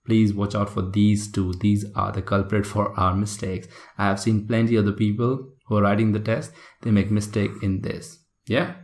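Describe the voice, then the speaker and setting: A man's voice: lowish voice, little pitch movement, normal speed, few pauses, a little mellow. A man teaching a recorded test lesson, explaining patiently and checking in with listeners. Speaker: English test tutor.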